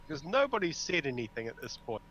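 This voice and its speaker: A man's voice: fairly high pitch, big pitch swings, fast, fairly bright tone, faint music behind. A man playing in a tabletop game, thinking aloud in a hesitant, casual way. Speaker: player. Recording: dull lo-fi audio.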